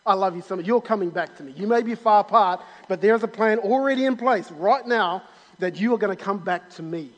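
A man voicing God as a tender, reassuring male figure, speaking softly and gently in a sermon. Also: high-pitched, brisk, natural voice. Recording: long hall reverb.

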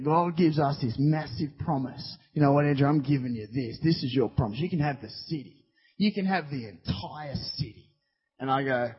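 A man preaching a sermon in a church hall, impassioned, swinging between loud declarations and hushed asides. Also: mid-range voice, moderate pace, slightly rough. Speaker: pastor. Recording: dull recording in a long-reverb hall.

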